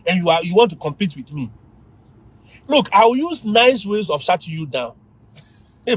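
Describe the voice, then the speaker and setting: A man with a Ghanaian accent, a teacher giving lively advice to fellow teachers on a livestream, often laughing and mimicking students. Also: high voice, moderate pace, pauses often, slightly rough, no room sound, rough recording.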